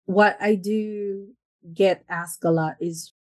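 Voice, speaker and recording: A woman from the Philippines, speaking English with an American twang as a podcast guest, telling stories with lively acted quotes. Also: medium pitch, takes it slowly. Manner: animated storyteller, acts out quoted talk. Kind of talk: casual podcast chat.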